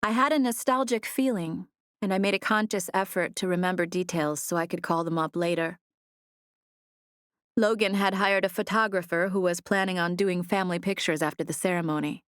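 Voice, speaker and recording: Woman narrator, low voice, measured first-person storytelling, close dry studio sound. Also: smooth, dry recording. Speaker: audiobook narrator. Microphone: close studio mic.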